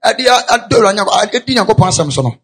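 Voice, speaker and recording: A husky, high-pitched man interprets a sermon phrase by phrase. He speaks fast and closely follows the preacher's rhythm. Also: animated, a bit bright. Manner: quick, echoing the preacher's phrases. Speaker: church interpreter.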